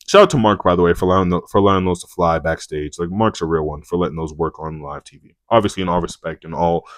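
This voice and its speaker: A man's voice: on the low side, dry recording, clean studio sound. Rambling, swearing male wrestling reviewer. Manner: rambling, excitable, swears freely, stumbles and repeats words. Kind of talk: casual profane commentary.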